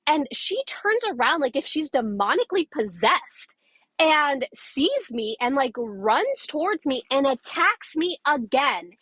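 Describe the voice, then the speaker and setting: A woman's voice: high-pitched, sing-song, measured pace, fairly bright tone, no room sound. A young woman recounting a street confrontation in a casual storytime video, emphatic and repetitive, with plenty of fillers.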